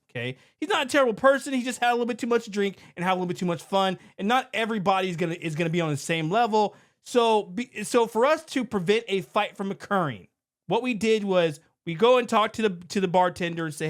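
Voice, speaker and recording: A man's voice: high voice, fast talker. A middle-aged man who owns a security company, talking through an incident in a casual, conversational podcast manner. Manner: animated, conversational, repeats himself. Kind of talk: commentary podcast.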